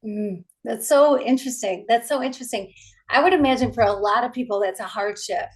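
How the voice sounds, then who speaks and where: A woman's voice: on the high side, fairly quick, rough recording. A woman hosting an interview, responding to her guest with brief affirming remarks. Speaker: host. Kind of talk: conversational interview.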